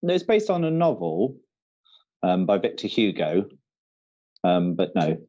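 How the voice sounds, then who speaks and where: A chatty man co-hosts a quiz, teasing and laughing readily. His pitch leaps about with great animation, and the recording sounds dull and lo-fi. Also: big pitch swings, unhurried, warm tone. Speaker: venue manager and quiz co-host. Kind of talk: casual quiz co-hosting.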